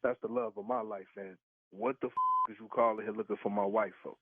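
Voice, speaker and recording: A man's voice: fairly low pitch, level tone, quick pace, husky, no room sound. Man on a tinny phone line. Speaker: prank call target. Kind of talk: heated phone conversation. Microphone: telephone.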